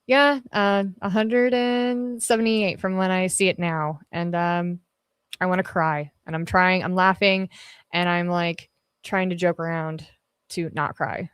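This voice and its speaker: A woman's voice: lowish voice, steady tone, slow, smooth, no echo. A woman hosting a livestream, chatting casually with her viewers, swearing freely and laughing often, speaking into a podcast mic on an arm at her home setup. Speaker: livestream host. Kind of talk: casual livestream chat reading comments. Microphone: podcast dynamic mic on an arm.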